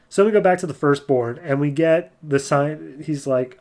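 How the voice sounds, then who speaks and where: A man casually recapping a comic book on a podcast. He jumps into higher voices for the characters' lines. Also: moderate pace, hardly any pauses, a little mellow. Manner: retells scenes in voices, jumping higher for quotes. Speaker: podcast host.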